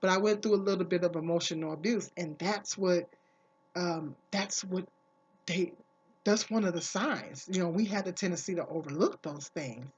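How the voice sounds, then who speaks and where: A woman's voice: lowish voice, normal speed, husky, dull audio. A woman vlogger talking casually to camera, giving earnest, emphatic advice and repeating her key phrases.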